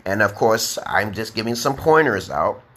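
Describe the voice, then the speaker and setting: American man, casual live English lesson, lowish bright voice, rambles, says "okay" a lot. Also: very animated, moderate pace, slight background noise. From United States. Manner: rambling, repeats "okay" often; chants the alphabet in a rising sing-song. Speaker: English teacher. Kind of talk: casual livestream teaching.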